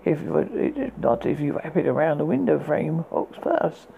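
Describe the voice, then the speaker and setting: A man's voice: a little high, big pitch swings, unhurried, gravelly, husky, phone-quality sound, heavily acted. A man reading aloud and voicing a jealous, scheming enchantress, haughty and scolding. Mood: coaxing.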